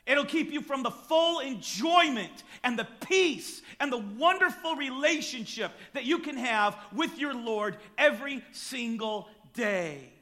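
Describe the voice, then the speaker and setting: A man preaching a sermon, moving between quiet, close talk and sudden loud, emphatic shouts. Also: very high-pitched, lively intonation, unhurried, hardly any pauses.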